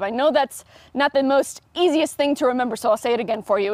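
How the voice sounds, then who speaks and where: A woman's voice: high-pitched, fairly quick, no echo. Chatty female TV reporter, dry sound. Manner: chatty and upbeat, with casual fillers. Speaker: news reporter. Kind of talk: live TV news report.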